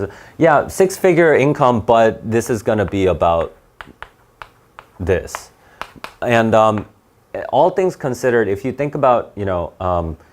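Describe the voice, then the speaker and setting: A man with a fairly low voice explains things in a loose, rambling way. He keeps stopping to check in with the listener and fills his pauses with "um" and "you know." He sounds like a casual teacher talking through a lesson. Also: darkish tone. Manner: rambling, full of fillers and "right?" checks. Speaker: English teacher.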